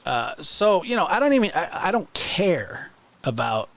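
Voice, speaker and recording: A man's voice: fairly high pitch, big pitch swings, measured pace, vocal fry, a bit bright. A man hosting his own channel, ranting casually in a mocking, exasperated way with many restarts. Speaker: channel host. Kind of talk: casual livestream rant.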